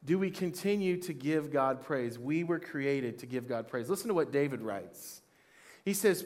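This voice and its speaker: A man preaching a sermon, reading scripture aloud and asking the congregation questions, with praise lines that rise toward shouting. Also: mid-range voice, animated, moderate pace. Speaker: pastor.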